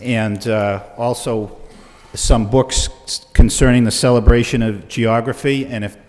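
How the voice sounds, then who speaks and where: A man, the mayor, chairing a city council meeting and introducing guests in a measured way, with frequent fillers. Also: mid-range voice, steady tone, darkish tone. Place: council chamber. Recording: reverberant chamber on meeting mics.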